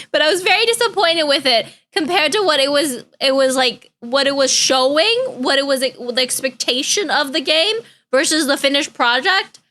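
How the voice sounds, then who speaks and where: A woman's voice: high-pitched, normal speed, hardly any pauses, pushed and bright. A woman streamer, chatting casually and giggling as she reacts to videos. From Canada.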